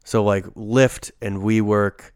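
A man with a lowish, smooth, clear voice explains his views steadily. He sounds analytical and sure. The sound is dry and close. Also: level tone, slow, darkish tone, no room sound. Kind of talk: casual chat.

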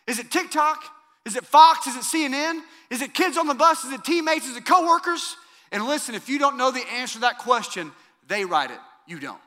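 High, bright preacher in a reverberant hall. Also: male voice. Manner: emphatic, repeats key lines, swings from loud to soft. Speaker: pastor. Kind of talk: sermon.

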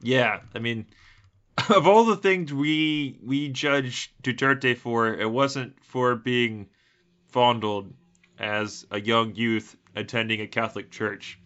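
A man co-hosting a casual chat podcast, animated and playful in his manner. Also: medium pitch, slow pace, highs cut off. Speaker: podcast co-host.

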